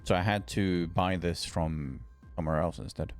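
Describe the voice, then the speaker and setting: Very deep-voiced man grumbling casually. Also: moderate pace, faint music behind. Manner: rambling, grumbling, offhand. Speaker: live streamer answering chat. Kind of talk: casual chat.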